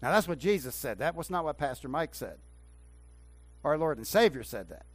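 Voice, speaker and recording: A male pastor delivers a sermon from the pulpit, his slightly high voice dropping low and then rising into loud, emphatic runs. The recording is close and dry. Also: sing-song, normal speed, no room sound. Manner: swings from hushed to loud emphatic preaching. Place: church sanctuary.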